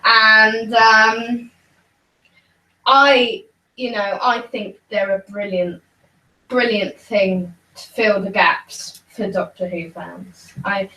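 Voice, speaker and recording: A woman co-hosting a casual podcast, speaking with enthusiasm and filling her pauses with lots of ums. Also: mid-range voice, steady tone, bright, forceful tone. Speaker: podcast co-host. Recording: roomy echo, far from mic.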